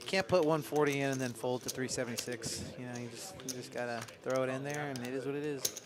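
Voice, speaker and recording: A man's voice: mid-range voice, fairly quick. Chatty man commentating poker, crowd behind. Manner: chatty, laughs often, loose and rambling. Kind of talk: casual live commentary. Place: card room. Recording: card room crowd noise behind.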